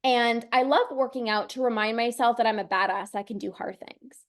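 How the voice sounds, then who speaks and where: A woman's voice: on the high side, fairly quick. A young woman coaching live on binge eating, talking with energy and acting out inner voices. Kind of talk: motivational live-stream talk.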